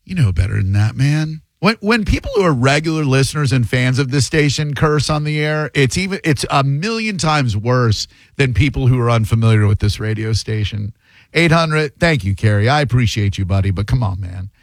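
A man's voice: medium pitch, animated, moderate pace, dry recording. A man hosting a call-in radio talk show, blunt and opinionated, sometimes repeating words when he gets heated. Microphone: studio microphone.

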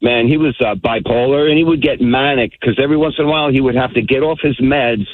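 A man's voice: medium pitch, fast talker, no echo. Male caller on a tinny phone line. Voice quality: casual storyteller. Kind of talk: telling a story on a call-in show.

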